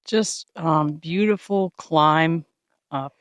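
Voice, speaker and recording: Calm, encouraging woman hiker. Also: low voice, extremely slow, no echo. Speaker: hiking companion. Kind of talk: casual trail vlog. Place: outdoors on a mountain summit.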